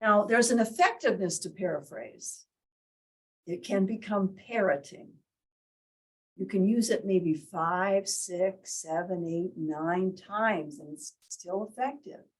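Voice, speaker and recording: Husky-voiced woman leading a workshop. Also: mid-range voice, slow, poor audio. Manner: quizzes the group, demonstrates tones of voice. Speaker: workshop leader. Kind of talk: interactive teaching talk. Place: indoor meeting room with window blinds.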